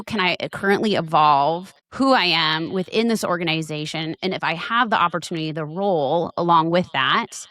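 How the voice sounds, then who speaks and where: A woman's voice: mid-range voice, a bit bright, dry recording. A woman hosting a podcast, talking in a rambling, enthusiastic way full of fillers. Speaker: podcast host. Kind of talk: casual podcast conversation.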